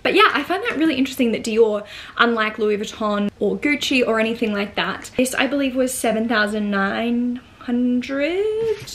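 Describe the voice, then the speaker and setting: A woman's voice: on the high side, animated, moderate pace, a bit bright, a little hiss or hum. A woman with an Australian accent chatting through a casual unboxing vlog at home, gushing and filling her talk with likes and ums. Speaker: vlogger.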